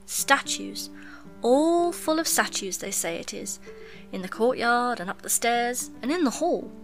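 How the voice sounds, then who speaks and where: A woman's voice: fairly high pitch, expressive, measured pace, soft background music. A woman doing a gloomy talking beaver. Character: gloomy, earnest old male beaver.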